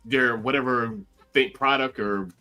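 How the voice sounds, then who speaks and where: Bright, wry-voiced man on a panel. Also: medium pitch, fairly even intonation, measured pace, clean tone. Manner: cynical, wry asides. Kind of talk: casual panel chat.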